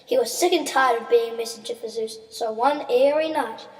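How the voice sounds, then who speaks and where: A woman with a high voice reads a story aloud in plain narration. The room is echoey and reverberant, with a long tail. Her reading stays steady from line to line. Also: normal speed. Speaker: story reader.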